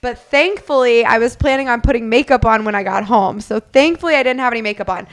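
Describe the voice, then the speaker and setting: A woman co-hosting a podcast, telling a lively story and acting out the quotes of others. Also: fairly high pitch, fast talker, clean tone. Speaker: podcast co-host. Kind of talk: casual storytelling chat.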